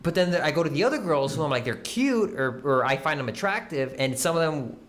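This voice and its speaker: A man's voice: fairly high pitch, a little fast. Rambling, profane young man telling stories. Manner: rambling, profane, animated storytelling. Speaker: podcast co-host. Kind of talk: casual chat.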